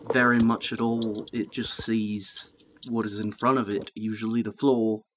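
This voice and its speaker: A woman's voice: low-pitched, fairly bright tone, a little hiss or hum. A woman reading a children's picture book aloud, playful, with jokey asides. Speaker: storyteller.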